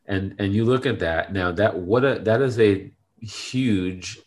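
A man's voice: fairly low pitch, unhurried, a little mellow. A man talking casually and earnestly about faith, with many fillers and restarts.

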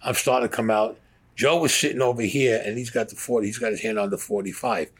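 A man's voice: mid-range voice, fairly even intonation, quick pace. An older man, telling a story in a blunt, profane, streetwise way. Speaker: interviewee.

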